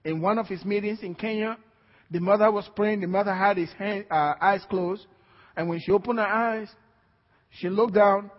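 A man preaching a sermon with passion, building up to shouts as he reads scripture. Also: high voice, slightly rough, long reverb tail, lo-fi sound. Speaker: pastor.

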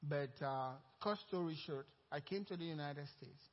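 A high-voiced pastor with a Nigerian accent preaches a story-driven sermon, acting out the lines of the people in it. His voice rings through a long reverberant hall, and the sound is somewhat dull. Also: normal speed. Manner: storytelling, acting out quoted dialogue, growing louder and more excited.

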